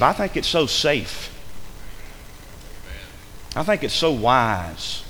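A man preaching a sermon, lively and forceful, acting out the voices of the people he addresses. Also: on the high side, slow pace, long pauses, long reverb tail, slight background noise, poor audio. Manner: animated preaching, acts out imagined voices. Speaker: pastor.

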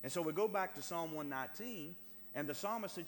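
A man's voice: on the high side, expressive, fairly quick, a bit bright, long reverb tail, a little hiss or hum. A man preaching a sermon as pastor, reading scripture and driving points home by repeating phrases to the congregation. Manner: emphatic preaching, repeats phrases, addresses brethren.

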